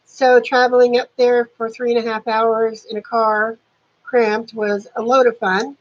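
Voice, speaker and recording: Woman, 50s, casual home vlog, slow talker, sarcastic asides, muffled lo-fi recording. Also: fairly high pitch, level tone. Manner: chatty, with dry sarcastic asides. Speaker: beauty vlogger. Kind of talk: casual chat to camera. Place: warm apartment at home.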